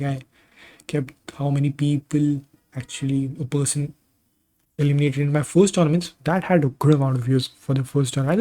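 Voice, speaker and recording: A gaming channel host casually commentates simulated wrestling matches in a video game, drifting into tangents and personal asides between calls. His voice is fairly high-pitched with a dark tone.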